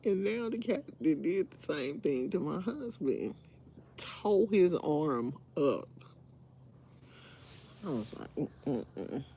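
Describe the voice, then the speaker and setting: A woman hosting a live stream, telling a story in a casual, animated way and laughing often. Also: deep voice, slow, pauses often, a little hiss or hum.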